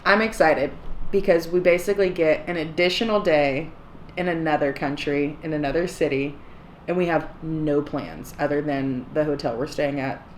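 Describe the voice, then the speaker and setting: A woman's voice: low voice, steady tone, moderate pace. A young American woman chatting casually to camera as a vlogger, laughing often and poking fun at herself. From United States. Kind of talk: casual couple chat to camera. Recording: echoey room with faint background hiss.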